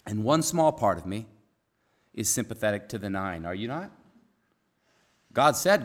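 A man preaching a conversational sermon, earnest, repeating key phrases and dropping to a soft hush for emphasis. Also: on the low side, very animated, measured pace, pauses often.

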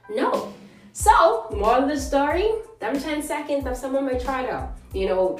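Animated woman preaching in a roomy space. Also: mid-range voice, distant mic. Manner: animated, emphatic and conversational. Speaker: devotional podcast host. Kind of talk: casual devotional talk.

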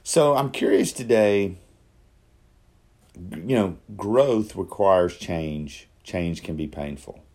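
A man's voice: deep voice, takes it slowly, darkish tone. A man talking through his day in a casual, self-reflective monologue, rambling and correcting himself as he goes. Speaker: daily video diarist.

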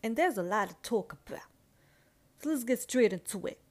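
A young woman hosting a casual solo podcast, talking in an animated, chatty way, swearing casually and slipping into playful voices. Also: a little high, moderate pace. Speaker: podcast host.

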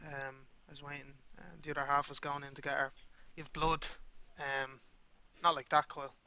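A man's voice: a little high, level tone, normal speed, pushed and bright. Irish man telling a rambling story. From Ireland. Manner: rambling storyteller acting out both sides of a dialogue, filler-heavy. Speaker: podcast co-host. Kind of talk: casual anecdote among friends.

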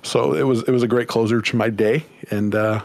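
A man's voice: medium pitch, fairly even intonation, brisk, creaky, darkish tone, no room sound. A man in his forties, a podcast guest, chatting casually and swearing freely. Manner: laid-back, profane. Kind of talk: casual chat.

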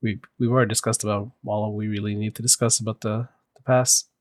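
Young male podcast co-host, low monotone, understated, dry recording. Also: fast talker, no echo. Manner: low-key, brief replies. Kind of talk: casual gaming podcast chat.

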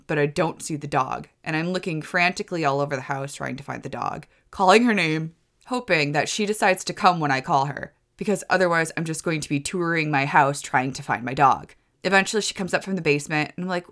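A woman with a low-pitched voice tells a story on her own podcast. Her delivery is rambling and a little chaotic, with stumbles and restarts, and she leaps up in pitch whenever she acts out what she said. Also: a bit bright. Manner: swoops high for quoted exclamations. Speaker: podcast host. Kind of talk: casual storytelling.

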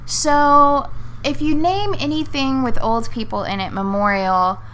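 Woman podcast co-host, bright tone, casual and playful. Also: high-pitched, fairly even intonation, measured pace, a little hiss or hum. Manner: playful, teasing. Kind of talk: casual movie chat.

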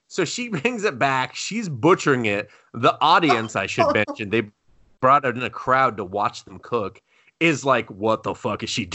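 A man co-hosting a casual podcast, recapping an anime with lots of swearing. His pitch swings widely as he acts out the characters' lines in exaggerated voices. The recording is close and dry. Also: bright, forceful tone, dry recording. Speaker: podcast co-host.

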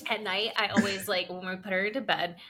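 A woman guest in a casual podcast chat, telling stories with lively quoted dialogue and laughter. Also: mid-range voice, brisk, very noisy.

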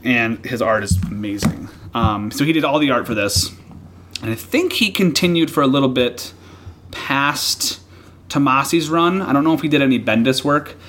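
A man co-hosting a casual podcast about comics, talking in an excited, rambling way with frequent laughs and restarts. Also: mid-range voice, normal speed, a little hiss or hum. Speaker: podcast co-host.

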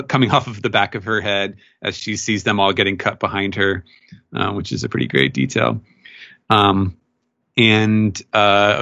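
A man's voice: fairly low pitch, bright, forceful tone, muffled recording. A man on a podcast casually recapping a comic chapter, rambling with lots of fillers and quoting characters in raised voices. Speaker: podcast co-host. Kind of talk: casual manga recap chat.

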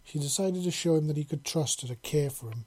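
A man narrating a storybook chapter in a calm, unhurried, even way. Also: on the high side, husky. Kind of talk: storybook reading.

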